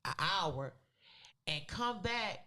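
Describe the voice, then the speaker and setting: Animated storytelling woman podcast host. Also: on the low side, drawn-out words. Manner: animated, acts out the people in her story; casual vernacular phrasing. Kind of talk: casual storytelling chat.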